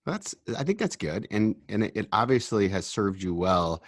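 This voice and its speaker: Male host, fairly low, dry close sound, jokey interviewer. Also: sing-song, normal speed, dry recording. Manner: playful, joking questions. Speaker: podcast host. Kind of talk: casual interview chat.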